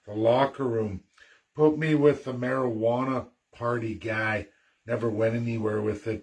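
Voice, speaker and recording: Vlogger: man, unhurried and insistent, hammering points by repeating them. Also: mid-range voice. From Canada. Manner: emphatic and repetitive, doubling phrases. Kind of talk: direct-to-camera political rant.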